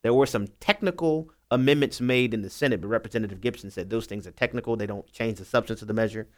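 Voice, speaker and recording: A man's voice: fairly low pitch, fast. A man speaking as a legal analyst guest on talk radio, earnest and emphatic in his explaining.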